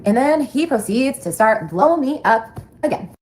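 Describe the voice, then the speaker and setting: A woman telling a personal story in a fast, animated, chatty way. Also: high-pitched, a little hiss or hum, low-quality recording.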